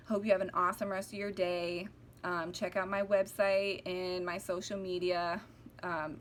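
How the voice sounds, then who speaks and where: A woman's voice: medium pitch, fairly bright tone. A young woman talks straight to her viewers in a casual, emotional monologue. She rambles, restarts her sentences and sounds close to tears. A faint hiss runs under her voice. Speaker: spiritual vlogger. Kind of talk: casual heartfelt monologue to camera.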